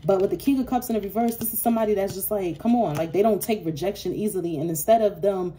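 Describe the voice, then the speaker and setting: A woman giving a casual tarot reading, blunt and profane, acting out imagined quarrels in an animated way. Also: mid-range voice, fast talker, slight background noise. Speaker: tarot reader.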